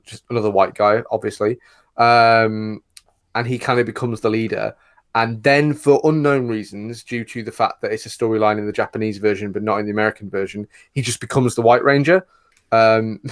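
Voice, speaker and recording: A man co-hosting a podcast in casual chat, excitable and teasing. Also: fairly low pitch. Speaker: podcast co-host.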